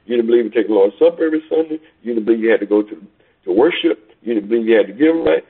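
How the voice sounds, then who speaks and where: A man preaching a sermon over a call, emphatic, swinging between loud peaks and quiet asides. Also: fairly low pitch, expressive, racing, slightly rough. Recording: tinny phone line.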